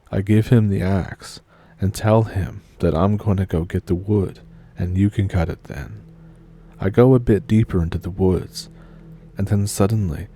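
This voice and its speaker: A man reading a scary first-person story aloud in a measured storytelling manner. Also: low voice, warm tone, breathy edge. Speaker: narrator. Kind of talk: scripted horror story narration.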